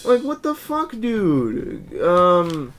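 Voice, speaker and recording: A young man with a high-pitched voice co-hosts a casual podcast. He tells stories loosely and profanely, laughing as he goes. His pitch swings widely as he talks. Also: extremely slow. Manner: profane, animated storytelling with laughs. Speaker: podcast co-host. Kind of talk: casual chat. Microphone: shared podcast mic.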